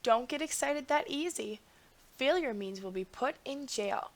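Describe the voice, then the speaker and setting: A woman reading a storybook, playing a calm, wise young man who speaks carefully. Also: high voice. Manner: careful, measured.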